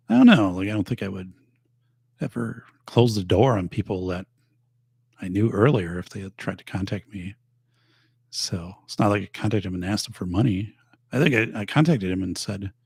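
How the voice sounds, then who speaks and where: A tired middle-aged man hosts a podcast in a loose, rambling chat full of fillers and restarts. His voice is low and husky with a gravelly fry, and he is losing it. The sound is dry and close. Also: darkish tone, dry recording. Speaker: podcast host. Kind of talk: casual chat reading viewer comments. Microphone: studio microphone.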